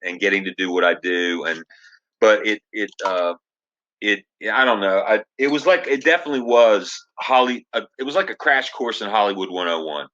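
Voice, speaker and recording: Lively storytelling man, bright and lo-fi. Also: lowish voice, moderate pace. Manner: animated storyteller, acts out quoted dialogue. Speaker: actor, podcast guest. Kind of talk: casual storytelling interview.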